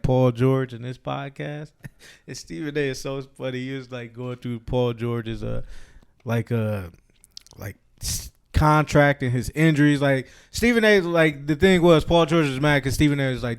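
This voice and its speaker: A man's voice: mid-range voice, moderate pace, smooth. A man chatting casually as a podcast guest, laid-back and slangy. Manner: slangy and laid-back, says "bro" a lot.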